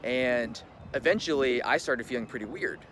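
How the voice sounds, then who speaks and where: A man's voice: mid-range voice, moderate pace. A young man telling a personal story in a casual vlog, chatty and full of "like", acting out what people said. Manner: chatty, full of "like", acts out quoted talk. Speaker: vlogger. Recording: loud background ambience noise.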